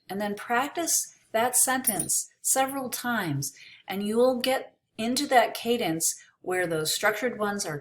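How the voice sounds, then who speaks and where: A woman teaching an English lesson, explaining in a slow, clear way. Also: medium pitch, a bit bright, a little hiss or hum. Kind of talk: ESL lesson.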